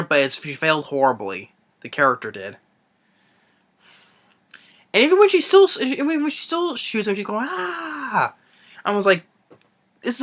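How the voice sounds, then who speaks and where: A movie reviewer with a bright, sharp-edged, fairly high-pitched voice rants through an unscripted film review, audibly exasperated and scornful. He rambles off the cuff in a halting way, restarting sentences often and filling gaps with "you know" and "I mean."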